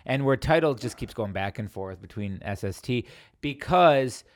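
A man hosting a casual chat, relaxed and reminiscing, quick to laugh. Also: medium pitch. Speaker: podcast host.

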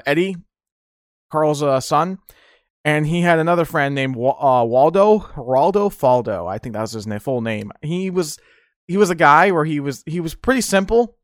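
A streamer hosting a casual podcast rambles through memories, laughing often and using lots of fillers. His voice is fairly high, clear, and resonant, recorded cleanly in a studio with no echo, and the talk is a nostalgic chat.

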